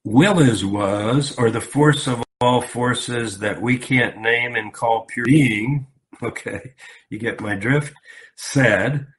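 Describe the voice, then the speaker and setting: A man's voice: medium pitch, a bit bright. A man teaching a casual Bible lesson, explaining word meanings conversationally with asides and rhetorical questions.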